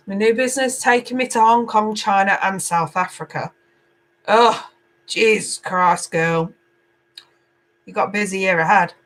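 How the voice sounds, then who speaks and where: A middle-aged woman from England reading tarot cards live, chatty and animated as she talks to viewers. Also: mid-range voice, rough recording. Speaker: tarot reader.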